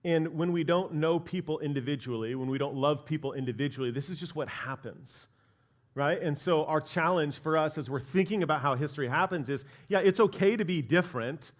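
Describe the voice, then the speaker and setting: A man's voice: fairly high pitch, a little fast. A man preaching a sermon as pastor of a church, talking in a casual, conversational way and often checking in with "right?". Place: church sanctuary.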